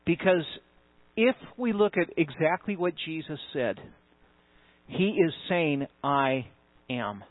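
High-voiced pastor preaching, tinny. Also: male voice, a little slow, pauses often, no echo. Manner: emphatic, rising with conviction, conversational asides. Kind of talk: sermon. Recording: tinny phone-like sound, dry.

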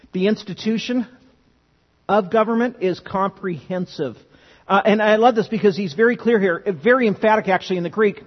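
Earnest high-voiced pastor in a reverberant hall. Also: male voice, husky. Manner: earnest, emphatic, with frequent restarts. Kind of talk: sermon. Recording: dull, lo-fi sound with long hall reverb.

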